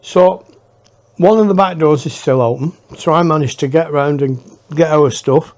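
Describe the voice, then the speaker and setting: A man telling a personal adventure story in a casual, unhurried way, with pauses and hushed asides. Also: a little high. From England. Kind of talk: casual spoken anecdote.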